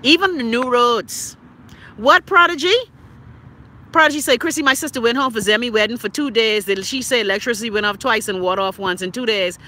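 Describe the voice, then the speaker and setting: A Bahamian woman hosting a casual live stream on her phone, reading viewer comments in a blunt, profane, exasperated way with sharp swings in pitch. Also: a little fast. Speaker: live stream show host.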